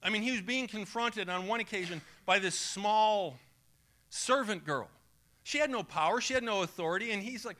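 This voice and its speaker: A man's voice: sits high, moderate pace, bright, forceful tone. A male pastor preaching a conversational sermon, acting out quoted voices.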